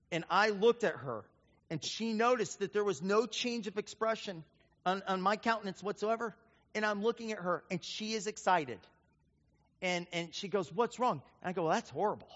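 High-voiced preacher in a reverberant hall. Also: male voice. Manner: storytelling, animated, acts out quoted voices. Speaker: pastor. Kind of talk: sermon. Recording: dull sound with long hall reverb.

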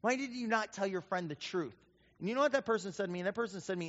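High-voiced preacher in a reverberant hall. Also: male voice, rapid-fire. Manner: storytelling, animated, acts out quoted voices. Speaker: pastor. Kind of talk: sermon. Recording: dull sound with long hall reverb.

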